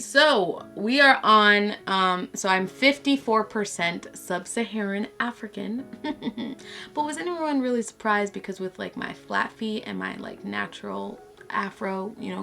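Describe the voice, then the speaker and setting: A woman from Brazil chatting excitedly to camera as a vlogger and stumbling over words. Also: medium pitch, creaky. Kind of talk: casual chat to camera.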